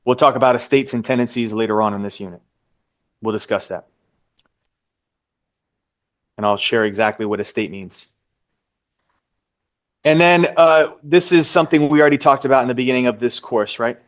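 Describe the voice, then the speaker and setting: Man teaching a real estate class. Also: mid-range voice. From United States. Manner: drawn-out emphasis on key terms, asks the class questions. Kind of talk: live class lecture.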